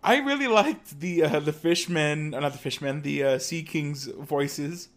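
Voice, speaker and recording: A man co-hosting a podcast, chatting loosely and stopping to hunt for words. His voice sits a little higher than most men's. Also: measured pace. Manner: chatty, loose, many fillers and restarts. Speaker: podcast co-host. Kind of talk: casual chat.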